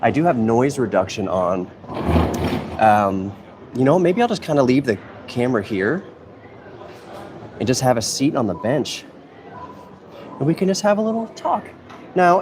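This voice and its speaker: An easygoing man chats on a live stream from a museum hall, speaking into his phone camera. His pitch sits in the ordinary middle for a man. He rambles, thinking aloud as he goes. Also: a little mellow. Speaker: museum content creator and live stream host. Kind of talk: casual live-stream chat. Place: indoor museum hall with public nearby.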